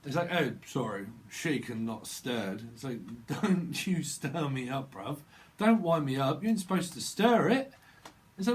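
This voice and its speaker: British male tarot reader, slightly high-pitched, loose and playful, wanders from word to word and mimics people for laughs. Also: expressive, moderate pace. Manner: playful and free-associating, often laughs and slips into silly voices. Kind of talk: rambling solo tarot reading.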